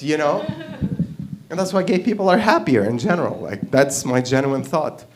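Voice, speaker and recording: A man doing stand-up on an open mic stage, voice sitting a little on the high side. He rambles, swears freely and keeps laughing at his own jokes. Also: animated, moderate pace. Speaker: stand-up comedian. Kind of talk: stand-up routine.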